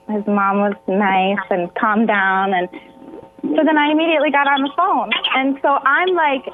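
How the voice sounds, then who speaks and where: A woman's voice: a little high, fairly even intonation, moderate pace, a little hiss or hum. A woman guest on a radio interview, telling a personal story with emotion that sometimes breaks into tears. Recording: tinny phone line.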